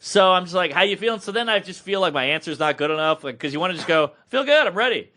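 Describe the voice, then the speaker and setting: A man in his thirties co-hosting a podcast, telling a story in a loose, animated way, swearing freely and acting out the people he quotes. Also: fairly high pitch, fast talker. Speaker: podcast co-host. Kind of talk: casual storytelling chat.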